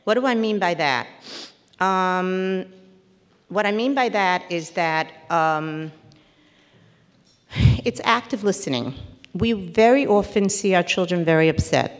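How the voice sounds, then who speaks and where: A woman therapist giving a parenting lecture to a live audience, animated and acting out little scenes as she teaches. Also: lowish voice, slow pace, long pauses, long reverb tail. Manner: animated, acts out little scenes with quoted voices.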